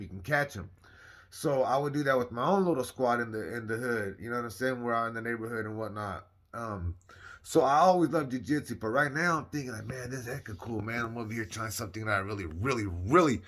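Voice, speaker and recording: Man from Northern California, bright voice, casual slangy storyteller, rambling, acts out the dialogue. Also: mid-range voice. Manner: slangy, rambling, animated retelling with quoted dialogue. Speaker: vlogger telling his story.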